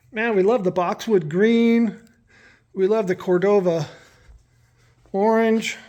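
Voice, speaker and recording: A man with a notably high voice chats casually, as if showing friends around his garage workshop. His talk is relaxed and easygoing, full of asides. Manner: relaxed, chatty, talks to his dogs. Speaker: vlogger building a truck.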